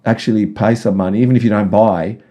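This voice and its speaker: Guy on a podcast telling long stories, lowish mellow voice, talks straight at you with advice. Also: steady tone, fast talker. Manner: rambling storyteller, direct advice; acts out voices in anecdotes. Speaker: podcast guest. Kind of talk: casual chat.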